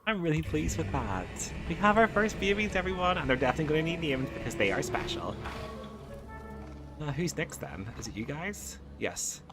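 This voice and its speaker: A man giving excitable let's play commentary, cooing at the baby creatures in his game. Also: fairly high pitch, moderate pace. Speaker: gaming channel host. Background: game music.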